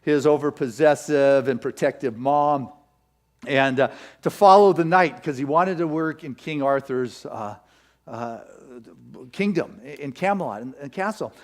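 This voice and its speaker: A male minister preaching a sermon, retelling a legend as a story and firing off rapid rhetorical questions. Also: fairly high pitch.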